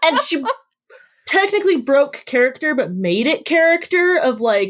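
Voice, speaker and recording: A woman co-hosting a casual podcast, speaking haltingly and giggling often. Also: high voice, sing-song. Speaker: podcast co-host.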